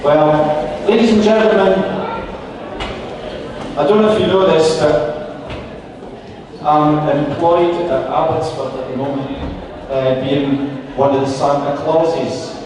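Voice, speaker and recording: A man's voice: a little high, slow, pauses often. A Scottish man compering a band concert with chatty stories and self-deprecating jokes. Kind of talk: stage patter introducing band items. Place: large concert hall with audience. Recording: echoey hall from far off, audible hiss.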